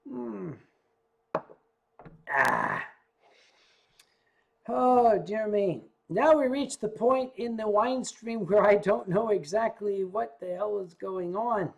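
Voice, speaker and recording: An older man talks slowly and loosely on a livestream, tipsy from drinking. He stammers and repeats himself, swears freely, and drifts from one thing to the next. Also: high-pitched, animated, gravelly. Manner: rambling, stammering, profane. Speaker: livestream host. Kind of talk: rambling livestream chat.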